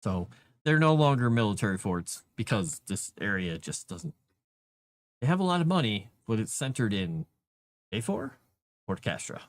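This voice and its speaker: A man's voice: on the low side, big pitch swings, normal speed, no room sound. A man chatting casually on a livestream as he writes, thinking aloud with many fillers and restarts. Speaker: author livestreaming his writing. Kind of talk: casual livestream chat while writing.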